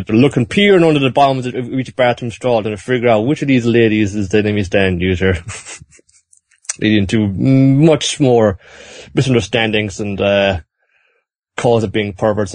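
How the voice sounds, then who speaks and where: A man's voice: fairly low pitch, normal speed, a little mellow, no echo. A man hosting a podcast, recapping an anime episode in casual chat and acting out the characters in silly voices.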